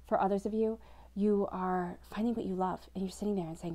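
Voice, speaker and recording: Speaking fairly quickly in a steady, mellow, medium-pitched voice, a woman does an unscripted tarot reading to camera. Her delivery flows and she reassures the listener directly.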